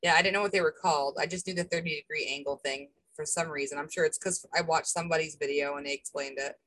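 A woman's voice: deep voice, steady tone, fast talker, a bit bright, dry recording. A young woman from Massachusetts with a Boston accent, chatting casually about her woodworking and laughing often. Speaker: woodworking artist. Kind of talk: casual video call chat.

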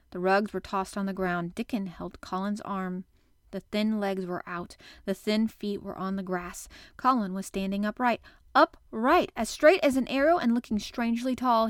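A woman's voice: mid-range voice, no echo, studio quality. Woman reading a classic novel aloud. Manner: expressive, animated reading. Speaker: podcast host and reader. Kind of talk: audiobook narration.

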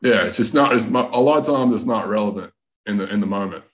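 A man's voice: on the low side, fast talker, a bit bright, poor audio. Laid-back rambling comedian man. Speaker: podcast guest, comedian. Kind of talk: casual chat.

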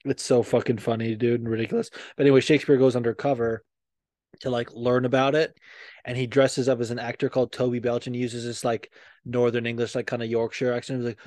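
A man hosts a podcast in a rambling, casual way, packed with swearing and fillers. His voice sits at a middling pitch. The studio sound is dry and close. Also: little pitch movement, fast talker, darkish tone, no echo. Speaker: podcast host. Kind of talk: casual chat.

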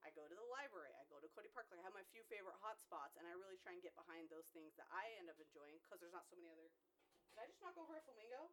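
A woman who works as a local news reporter, chatting casually and telling animated stories. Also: on the low side, rapid-fire, a little hiss or hum. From Utah. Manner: bubbly, animated storyteller. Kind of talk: casual chat.

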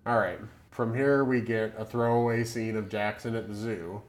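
A man's voice: on the low side, steady tone, moderate pace. A man co-hosting a podcast, recapping a movie in casual, sarcastic chat with lots of swearing and laughter. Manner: profane, sarcastic, laughs often. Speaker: podcast co-host.

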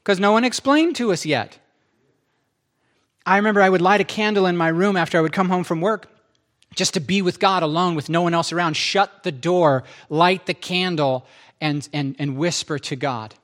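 A middle-aged man preaching, telling his testimony in an animated, self-interrupting way and acting out quotes. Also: high voice, normal speed. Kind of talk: testimony storytelling.

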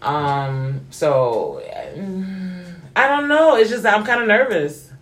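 A frank woman co-hosting a chat show, speaking at an ordinary middle pitch. She talks bluntly and breaks into laughter often. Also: very animated, slow, slight background noise. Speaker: podcast co-host. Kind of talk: candid casual chat.

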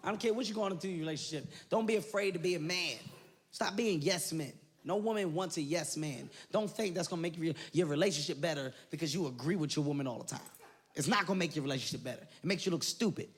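A man doing stand-up comedy, loud and animated, shouting punchlines. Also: fairly high pitch, fast talker. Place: large venue with laughing audience. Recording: live show with loud crowd and noise.

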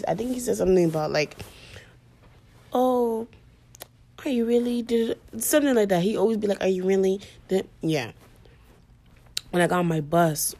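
A young woman talks through a story on her podcast in loose, casual chat packed with fillers. Her voice sits slightly low and sounds soft and mellow. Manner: chatty, full of fillers. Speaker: podcast host.

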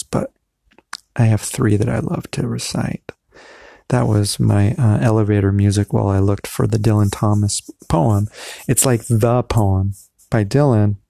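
Slow, gravelly-voiced man reading poetry. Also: lowish voice, dry recording, studio quality. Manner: rambling, self-correcting, chatty asides; reads verse slowly, building to loud cries. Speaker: podcast host reciting poetry. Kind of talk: casual chat and dramatic poetry reading.

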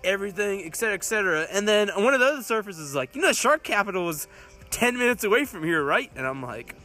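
A man with a high, bright voice that swings widely in pitch tells stories on a casual podcast. He swears freely and acts out the other people in his tales. Faint music plays behind him. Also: quick pace. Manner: animated storyteller, swears freely. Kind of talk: casual chat. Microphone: phone.

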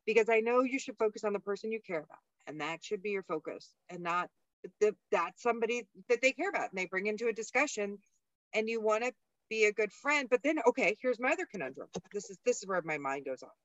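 A woman's voice: mid-range voice, lively intonation, fast, a bit bright, no room sound. A woman co-hosting a podcast in casual chat, talking frankly and thinking aloud, swearing freely. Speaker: podcast co-host. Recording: dull lo-fi dry sound.

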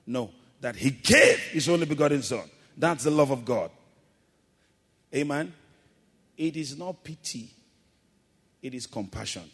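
A male pastor delivering a sermon with call-and-response, shifting between loud exhortation and quiet, drawn-out emphasis. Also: mid-range voice, animated, breathy edge. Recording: long hall reverb.

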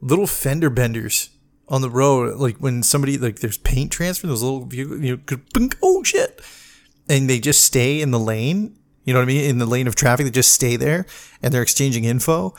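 A man's voice: medium pitch, sing-song, fairly quick. A man ranting in a casual podcast monologue, swearing freely and exasperated, sometimes mocking other people in put-on voices. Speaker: podcast host, medic.

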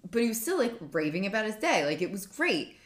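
A woman's voice: mid-range voice, very animated, fast talker, roomy sound. A woman in her thirties co-hosting a podcast, chatting casually and telling a long story full of "like" fillers. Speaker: podcast co-host. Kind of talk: casual chat.

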